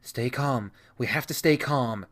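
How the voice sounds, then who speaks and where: A man's voice: mid-range voice, unhurried, a bit bright. A man voicing a frantic young woman in a game who talks urgently and is out of breath. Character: young woman, frantic but forcing calm.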